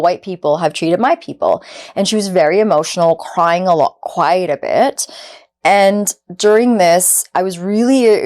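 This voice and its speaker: A woman's voice: lowish voice, darkish tone. A woman hosting a podcast, talking earnestly and conversationally, often saying "like" and acting out quoted dialogue. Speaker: podcast host. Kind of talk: reflective podcast monologue.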